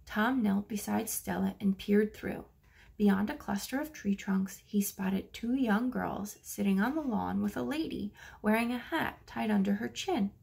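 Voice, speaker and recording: A woman reading a children's storybook aloud as narrator, slipping into soft whispers for hushed lines. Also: medium pitch, measured pace, vocal fry. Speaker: audiobook narrator.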